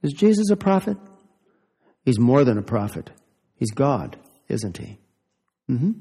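A man's voice: mid-range voice, very animated, measured pace, warm tone, slightly rough, big-room sound. A man giving a children's sermon as a pastor, asking playful, teasing questions of the children.

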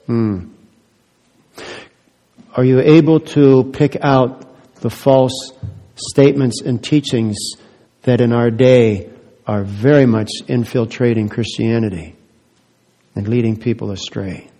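A man preaching a sermon as a pastor, swinging between hushed, quiet lines and loud, emphatic ones, and asking many rhetorical questions. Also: medium pitch, steady tone, slow pace, long pauses, in a large hall.

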